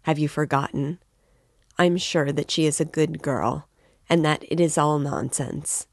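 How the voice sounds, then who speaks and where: A woman's voice: sits low, fairly even intonation, a little slow, no echo. A woman reading the part of a proud, curt young woman in a novel. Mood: sharp. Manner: firm and curt.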